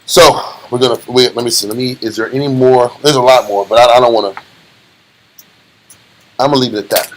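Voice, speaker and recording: A man's voice: mid-range voice, fairly even intonation, fairly quick, long pauses, rough recording. A man with a Texas accent giving an informal church teaching, casual and streetwise with joking asides. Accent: Southern US, Texas. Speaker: teacher of a church study class.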